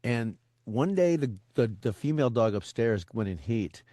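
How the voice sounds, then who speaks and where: Animated storytelling man, mid-pitched. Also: moderate pace, dry recording, clean studio sound. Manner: animated storyteller who acts out voices. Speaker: podcast co-host. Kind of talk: casual chat, storytelling.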